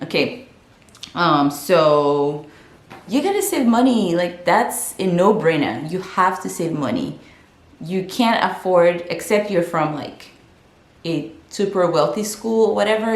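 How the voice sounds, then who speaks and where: Chatty young woman from Africa, echoey room. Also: on the low side. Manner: frank, chatty, lots of fillers and restarts. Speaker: vlogger. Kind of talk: casual advice vlog.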